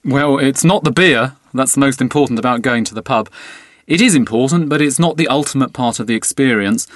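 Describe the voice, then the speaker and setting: A man, a studio guest, giving a steady scripted explanation for language learners. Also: mid-range voice, a little fast, no room sound.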